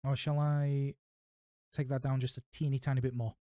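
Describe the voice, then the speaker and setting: A man's voice: mid-range voice, level tone, moderate pace, dark tone, no room sound. Man reading a storybook aloud, dry and close. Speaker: livestream reader. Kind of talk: reading a book aloud on a livestream.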